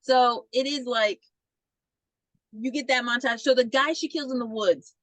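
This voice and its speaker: High-voiced chatty woman podcaster. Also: fairly even intonation, unhurried, dry recording. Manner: slangy, swears, chatty. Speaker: podcast co-host. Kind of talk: casual chat.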